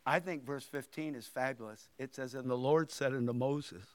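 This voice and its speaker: A man preaching a sermon and reading scripture aloud, emphatic, swinging between loud outbursts and hushed asides. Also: mid-range voice, normal speed, no room sound.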